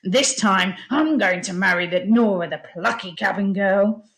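A woman voicing a gleeful, dastardly male pirate villain in a storybook, gloating in a drawn-out, put-on voice. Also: mid-range voice, a bit bright.

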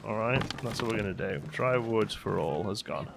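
A man's voice: on the low side, expressive, normal speed, vocal fry, very noisy. A man hosting a let's play, chatting casually as he plays and talking to his game characters. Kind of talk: casual gameplay commentary. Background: faint game music.

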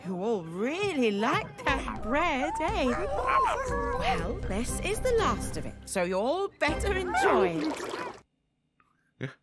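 A woman's voice: high-pitched, huge pitch swings, slow, full character voice. A woman voicing an easygoing female pet store keeper who talks fondly to her fish in a video game. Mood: teasing. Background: loud game music.

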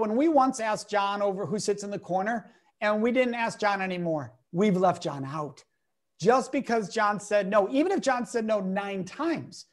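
An emphatic male speaker, a guest educator in an interview, lays out his points with lively energy and slips in acted-out quotes as he tells anecdotes. His delivery is expressive and driven. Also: high-pitched. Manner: emphatic, lively, acts out quotes in different voices.

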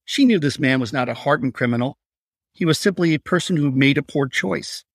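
A man reading aloud from his crime thriller in a steady, measured narration. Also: a little high, creaky, slightly rough, dry recording, clean studio sound. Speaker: author reading his novel.

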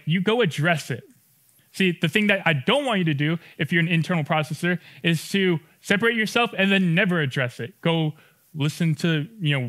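Young man, youth pastor, casual sermon, slightly high voice, keeps checking in with listeners. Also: a bit bright. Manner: conversational, checks in with the audience often.

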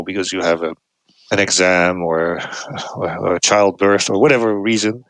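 A man talking as a podcast guest, explaining his research in a lively way, with frequent restarts and raised pitch when he acts out examples. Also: dry recording. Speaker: podcast guest, cognitive scientist. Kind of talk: explanatory interview talk.

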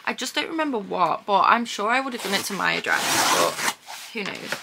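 A young woman vlogging casually about books, gushing and excitable, with lots of "like" and "oh my god". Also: mid-range voice, a little fast, heavy background noise. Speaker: book vlogger. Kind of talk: casual vlog chat.

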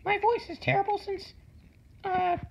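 A man voicing a short, squeaky-voiced guy in a high falsetto who mumbles and hesitates. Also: little pitch movement, unhurried, creaky, heavily acted. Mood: sheepish. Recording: lo-fi with hiss.

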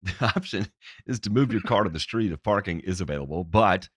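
A man co-hosting a podcast, reading news items with sarcastic, profane, animated commentary on a close mic. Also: low voice, fairly quick, husky, no echo. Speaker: podcast co-host.

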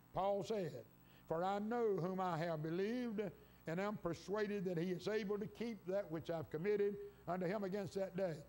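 High-voiced man preaching a sermon. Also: darkish tone. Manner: preaching with scripture quotes, rising to fervent exclamations. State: congested from an illness. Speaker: pastor. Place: church sanctuary.

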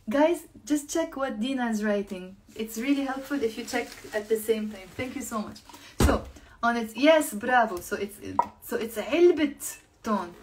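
Lebanese woman, online Arabic teacher, slightly high voice, switches languages, slows to model words. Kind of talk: live online language lesson.

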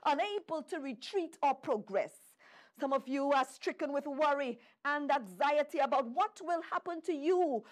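A woman preacher delivering a sermon, telling the story dramatically and calling out fervently to her listeners. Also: high-pitched. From Trinidad and Tobago.

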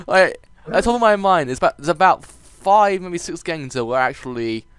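A young man chatting casually on a podcast, his voice swinging up and down with energy as he jokes and laughs. The sound is smooth and close, with a dry, dead room. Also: fairly high pitch, expressive, normal speed, fairly bright tone, no room sound. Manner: laughing, joking, mocking impressions. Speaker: podcast co-host. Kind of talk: casual chat.

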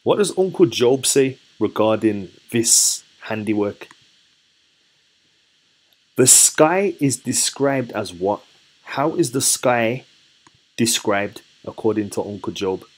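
A man leading a casual Bible study, chatty and relaxed, who asks his listeners questions and then answers them himself. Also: mid-range voice, slow. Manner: relaxed, chatty and self-correcting. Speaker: scripture teacher.

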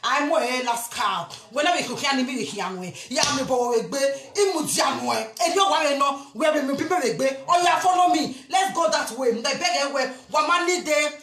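A Nigerian woman rants to her online audience in a high, sharp voice. She is loud and emphatic and keeps breaking into shouts. The sound bounces around an echoey room. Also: normal speed, hardly any pauses, faint music behind. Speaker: spiritual vlogger. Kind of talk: impassioned rant to camera.

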